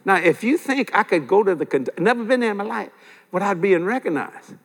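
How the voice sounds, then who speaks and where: An older man preaching a sermon, telling stories in a lively way with frequent chuckles and repeating his key points. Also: high-pitched, a little fast. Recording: long hall reverb.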